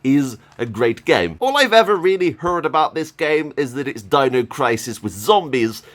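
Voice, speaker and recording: A man chats through a game haul in a casual vlog. His voice is lively and swings widely in pitch, and he breaks into laughs often. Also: normal speed. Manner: chatty, enthusiastic, laughs often. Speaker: gaming YouTuber.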